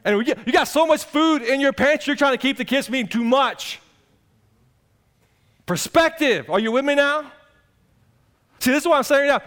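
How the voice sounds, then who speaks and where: A male pastor preaching a conversational sermon, swinging between loud exclamations and quiet asides. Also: very high-pitched, expressive, moderate pace, long pauses.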